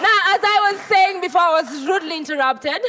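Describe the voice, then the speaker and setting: A woman's voice: very high voice, a little fast, over a noisy crowd, heavy background noise. A woman hosting a live stand-up show, teasing the comedians playfully. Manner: playful, code-switching teasing. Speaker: show host. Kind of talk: live stand-up emcee banter.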